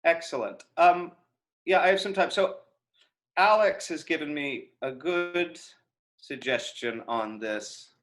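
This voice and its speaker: A man's voice: fairly high pitch, slow pace, a bit bright. A man teaching an acting class on a video call, answering chat questions in a casual, chatty way, thinking aloud with many fillers and restarts. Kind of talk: live online lecture Q&A.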